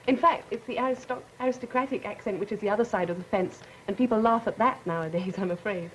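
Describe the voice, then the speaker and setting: A woman's voice: mid-range voice, fast talker, a little hiss or hum, poor audio. A teenage woman from England with a cultured English accent, speaking articulately and confidently on a 1950s radio panel. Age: teens. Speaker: student delegate on a panel.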